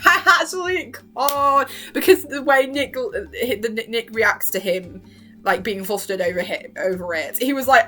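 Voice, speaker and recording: A young woman gushes through a fan review, full of fillers, giggles and acted-out quotes. Her voice sits a touch high and very bright, slightly worn from talking. Soft music plays faintly underneath. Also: very animated, moderate pace. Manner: gushing, giggly, lots of fillers and quoted reactions. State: voice worn, partly lost. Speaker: vlogger reviewing a TV series. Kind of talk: excited casual ramble.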